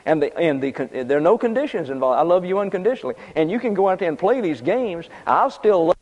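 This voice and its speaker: A man preaches in a plain, conversational way, stating points twice and dropping in offhand asides. His voice sits slightly high for a man. The recording is dull and lo-fi, with a long reverb tail from a large hall. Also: animated, fairly quick, a little mellow. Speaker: pastor. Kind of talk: sermon.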